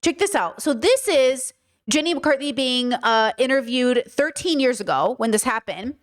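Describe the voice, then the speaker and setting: A woman's voice: sits high, animated, normal speed. A woman hosting a reaction commentary video, talking bluntly and emphatically, with frequent swearing.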